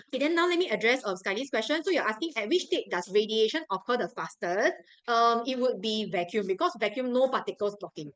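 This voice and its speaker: A woman's voice: fairly high pitch, animated, fast talker, hardly any pauses, low-quality recording. A young woman with a Singaporean English accent teaching a live science revision class, chatty and repeating key points to coax her students along. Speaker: science tutor.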